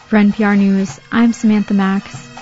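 A woman reporter narrating a radio news feature in a measured, even way. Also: mid-range voice, lo-fi sound, soft background music.

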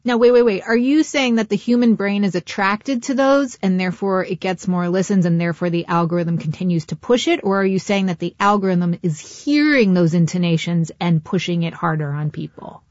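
A woman's voice: on the low side, a little mellow, dry recording, dull audio. Curious woman radio host. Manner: quick, curious questions and interjections. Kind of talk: radio interview.

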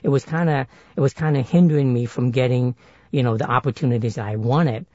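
A middle-aged man with a higher-sounding voice, telling stories as a guest in an interview, hesitant with many restarts. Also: brisk, a little mellow, dry recording, highs cut off. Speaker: guest, actor and author. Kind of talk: interview storytelling.

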